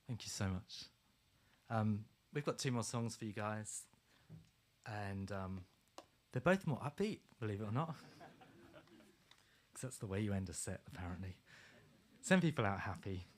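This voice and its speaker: A man's voice: on the low side, moderate pace, pauses often. A man fronting a band, joking casually with the audience between songs in a studio live room. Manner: relaxed, joking, with filler ums. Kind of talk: casual stage banter.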